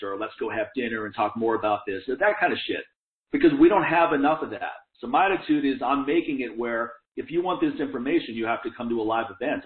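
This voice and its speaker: A fast-talking man with a tinny, phone-like sound and an echo around his voice. He talks in a casual, profane, fired-up way, swearing often and laughing between points. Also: medium pitch.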